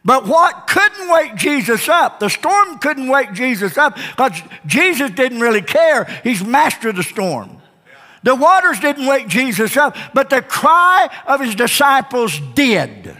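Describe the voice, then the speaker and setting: A man preaching with fervor, his voice pitched very high and ringing bright. He swings between booming declarations and hushed asides, heard in a long reverberant church hall. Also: very animated, unhurried. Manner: impassioned preaching with swings between loud and quiet delivery. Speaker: pastor. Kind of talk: sermon.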